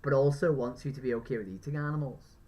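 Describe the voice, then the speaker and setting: A woman's voice: very deep voice, quick pace, dark tone, poor audio. Woman arguing in a put-on Northern Irish accent. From England. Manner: persistent, argumentative, questioning. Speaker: vegan street activist. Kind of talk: street debate.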